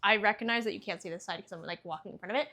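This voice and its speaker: A woman's voice: mid-range voice, rapid-fire, bright, forceful tone. A young woman chatting casually on a stream, reading viewer answers aloud, laughing often and swearing freely.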